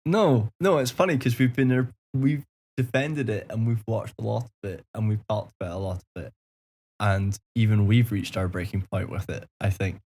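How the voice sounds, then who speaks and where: A man in his thirties co-hosting a podcast, laughing often and rambling in a relaxed way. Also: lowish voice, moderate pace. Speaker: podcast co-host. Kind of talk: casual chat.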